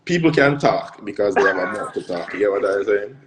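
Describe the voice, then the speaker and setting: Young Jamaican male athlete guest, slightly low voice, earnest and reflective. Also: animated, a little fast, a crowd in the background, poor audio. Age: young adult. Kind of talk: casual interview answers.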